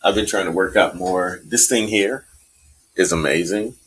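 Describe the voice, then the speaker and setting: A man's voice: deep voice, moderate pace, a crowd in the background. A man co-hosting a casual chat podcast. He talks in an easygoing, wry way and chuckles often. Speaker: podcast co-host.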